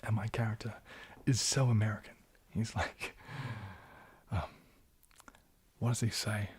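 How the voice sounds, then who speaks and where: Breathy whispering New Zealand man. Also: on the low side, flat delivery, measured pace. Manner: shifts between whisper and soft speech, hesitant with fillers. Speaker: ASMR livestream host. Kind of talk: whispered, soft-spoken chat.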